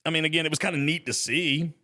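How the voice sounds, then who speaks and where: Male podcast host, bright tone, chatty solo talk with joking asides. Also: fairly high pitch, steady tone, fast.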